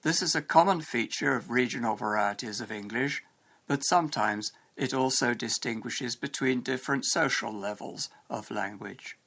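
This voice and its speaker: A man narrates a scripted lesson in a steady, explanatory manner. His voice sits at an ordinary middle pitch with a gravelly edge. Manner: measured, explanatory. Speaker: English teacher.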